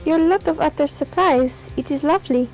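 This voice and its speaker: Woman doing a gruff Russian waitress: high, flat, dry, drops articles. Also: moderate pace, soft background music. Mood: deadpan. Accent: put-on Russian.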